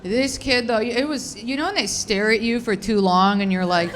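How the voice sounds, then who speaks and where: A woman's voice: fairly high pitch, normal speed, noisy background. A woman in her thirties doing a rambling, crude, self-deprecating stand-up set on a comedy club stage.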